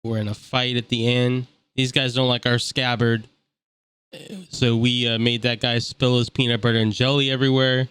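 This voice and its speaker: A man's voice: mid-range voice, little pitch movement, normal speed, a bit bright, clear, resonant tone, no room sound. A man giving casual, joking let's-play commentary over a game, full of slang and mocking asides. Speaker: gameplay commentator.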